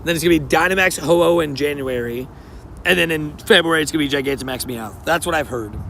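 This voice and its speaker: Chill young dude live streaming outside, kinda raised bright voice with some gravel, slangy, hypes up chatters, faint traffic behind. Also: male voice, a little high, fast talker. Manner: laid-back and slangy, greeting chatters by name. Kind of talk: casual live-stream chat.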